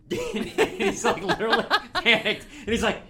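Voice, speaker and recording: Animated laughing man telling bits. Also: very high-pitched, unhurried, background noise. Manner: animated storyteller, laughs mid-sentence. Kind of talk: casual podcast banter.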